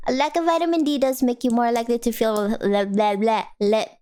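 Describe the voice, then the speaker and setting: A woman's voice: fairly high pitch, steady tone, a little fast, warm tone, clean tone. A young woman streamer chatting casually with her viewers, reading their messages aloud, giggling often and rambling between topics. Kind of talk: casual chat with live viewers.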